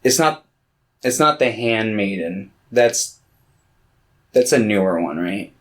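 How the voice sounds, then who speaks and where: A man's voice: fairly low pitch, slow, a bit bright. A man co-hosting a movie podcast, rambling with lots of fillers and quoting characters in put-on voices. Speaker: podcast co-host. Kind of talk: casual movie review chat.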